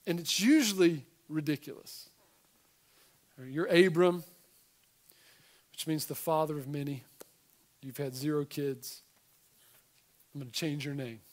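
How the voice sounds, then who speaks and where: A middle-aged man preaching a sermon as pastor, animated and emphatic, with conversational asides to the congregation. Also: fairly high pitch, measured pace, pauses often.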